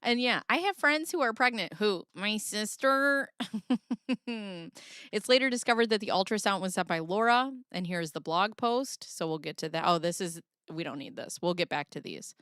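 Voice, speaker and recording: A woman's voice: mid-range voice, lively intonation, normal speed, fairly bright tone, clean tone, dry recording, studio quality. A woman hosting a casual reaction commentary, goofy and giggly, rambling as she reads through documents. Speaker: host.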